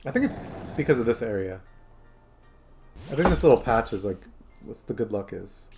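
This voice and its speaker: A man's voice: medium pitch, sing-song, moderate pace, a little mellow, soft background music. A man streaming a game, chatting casually and rambling to his viewers. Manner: rambling, chatty, talking to chat and his phone. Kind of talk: casual live-stream chat.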